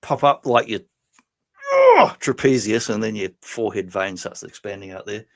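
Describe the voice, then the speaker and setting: A man's voice: lowish voice, huge pitch swings, moderate pace, creaky. A man from New Zealand hosting a casual livestream chat, rambling, chatty, laughing often and swearing freely. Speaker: livestream host.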